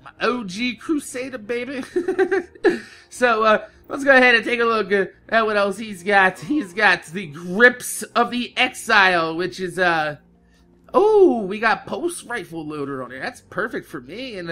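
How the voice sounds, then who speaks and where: A man hosting a gaming video, telling a loud, profane story and laughing through it, then talking calmly through game gear. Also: high voice. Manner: slows down and over-enunciates when quoting himself. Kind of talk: casual storytelling rant over gameplay.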